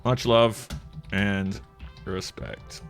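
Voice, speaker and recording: A man's voice: on the low side, fairly even intonation, very slow, gravelly, faint music behind. A man giving sarcastic, mocking commentary while scrolling through a social media feed. He laughs often.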